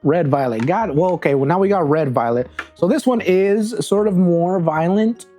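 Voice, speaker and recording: With faint music in the background, a vlogger taste-tests crayons into new desk microphones, rambling in a chatty, playful way. The mid-range voice moves at a moderate pace with a warm tone, speaking dramatically to the crayons and often stumbling and restarting.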